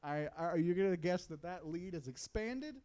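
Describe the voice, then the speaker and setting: A man with a slightly high voice co-hosts a live basketball viewing in a small comedy theater. He trades deadpan quips with his partner and slips into quick play-by-play calls. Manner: jokey, deadpan asides, bursts of play-by-play. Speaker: basketball watch-party co-host. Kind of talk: casual live game commentary and banter.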